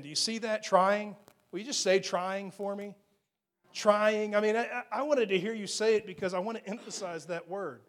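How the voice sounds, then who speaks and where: A man preaching a sermon as pastor, moving between loud emphatic lines and quiet, hushed ones. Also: high voice.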